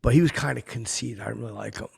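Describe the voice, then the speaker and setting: A man's voice: mid-range voice, very fast, exaggerated voice. An actor playing a middle-aged, boastful, washed-up male comedian who rambles tactlessly in a podcast monologue. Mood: rambling. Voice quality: very gravelly, raspy. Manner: rambling, rough-spoken, tactless, lurching between bravado and sentiment. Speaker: podcast host. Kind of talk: comic character monologue.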